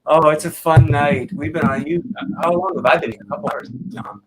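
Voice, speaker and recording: A man's voice: fairly high pitch, fairly quick, crowd noise, low-quality recording. Man, livestream guest, loose casual talk, swears freely. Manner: loose and swearing, laughing often. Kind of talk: casual chat.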